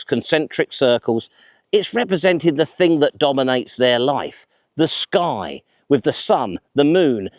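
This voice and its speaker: A man's voice: mid-range voice, a little mellow, no room sound. A man hosting a vlog outdoors in a park, chatty, enthusiastic and self-mocking as he presents to camera. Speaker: vlog host.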